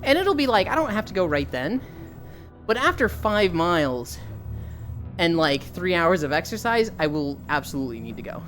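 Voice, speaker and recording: Young woman streamer, lowish voice, very animated, cursing, faint music under her. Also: moderate pace. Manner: animated storytelling, swears freely, reads chat aloud. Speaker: livestreamer. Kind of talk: casual chat while walking.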